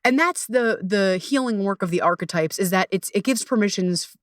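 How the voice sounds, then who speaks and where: A young adult woman coach hosts her own podcast in a loose, animated solo talk. She swears freely, laughs often and leaps into high, excited bursts. The sound is dry and close to the mic, with no room behind her. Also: normal speed, no room sound.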